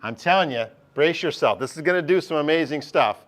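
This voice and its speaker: A man's voice: fairly high pitch, lively intonation, a little fast. A male teacher, giving a chatty classroom lesson and often checking in with his class.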